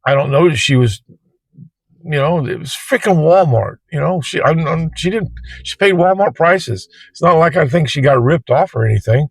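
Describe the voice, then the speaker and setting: A fairly high-pitched man talks casually to camera from his parked car, rambling and colloquial as he tells a story. The sound is dry and close, with no room echo. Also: lively intonation, moderate pace, gravelly, slightly rough. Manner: plain-spoken, colloquial, rambling. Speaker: Uber driver and vlogger.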